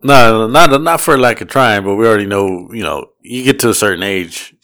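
A man's voice: fairly low pitch, lively intonation, fairly quick, fairly bright tone. A man in his forties in casual podcast talk, hesitant and full of restarts and "you know". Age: 40s. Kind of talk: casual chat.

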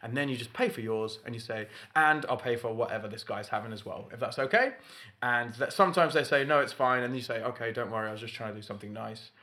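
Bright-voiced young man chatting. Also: mid-range voice. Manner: animated storytelling with quick mock voices. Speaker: podcast co-host. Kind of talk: casual chat.

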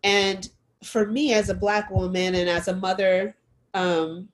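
A woman speaking as a guest in a candid conversation, animated and laughing often, restarting her phrases as she works out her thoughts. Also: mid-range voice, a little slow, low-quality recording.

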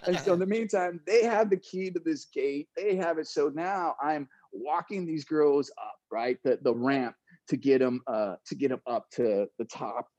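A middle-aged man casually retelling a story, animated, laughing now and then and acting out what people said. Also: a little high, normal speed, hardly any pauses, no room sound, highs cut off. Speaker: guest telling a story.

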